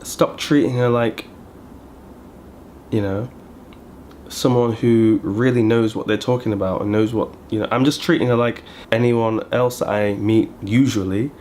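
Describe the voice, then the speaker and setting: A man's voice: fairly low pitch, steady tone, unhurried, a little mellow, slight background noise. A man vlogging in casual chat to camera, rambling and thinking aloud as he goes.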